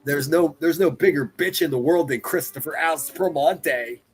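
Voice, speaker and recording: A man hosting a livestream, reacting to clips with profane mockery, jumping from loud outbursts to muttered asides. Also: fairly high pitch, moderate pace, slightly rough. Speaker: livestream commentator.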